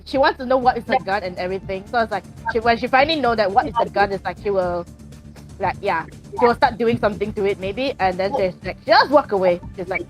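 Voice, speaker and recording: A woman's voice: medium pitch, fast talker, faint music behind. A woman playing a tabletop role-playing game, describing her character in a rambling way full of "like" and giggles. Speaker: player.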